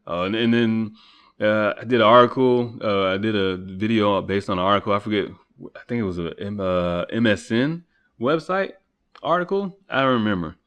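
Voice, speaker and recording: A man's voice: on the low side, moderate pace, fairly bright tone, clear, resonant tone. A man hosting a solo podcast, rambling and swearing casually as he rants. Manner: rambling, profane, ranting, voice rising when heated. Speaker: podcast host. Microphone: computer recording setup.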